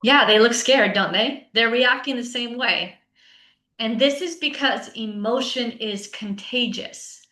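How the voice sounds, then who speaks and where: A woman presents to teachers in an online session, speaking as a coach in an easy, conversational way. Her voice sits a little high and is bright and forceful. She often tags her points with a quick "right?" while the sound rings with a roomy echo. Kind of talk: conference talk to teachers.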